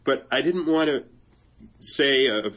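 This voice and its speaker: A man's voice: mid-range voice, lively intonation, slow, fairly bright tone. An older man translating a memoir, talking thoughtfully in an interview, reading passages aloud and laughing now and then. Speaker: translator and guest. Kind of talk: conversational interview.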